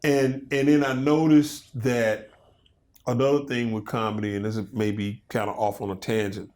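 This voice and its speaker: Animated storytelling man in his fifties. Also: mid-range voice, moderate pace. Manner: animated storytelling, loose and conversational. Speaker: comedian and guest. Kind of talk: casual interview chat.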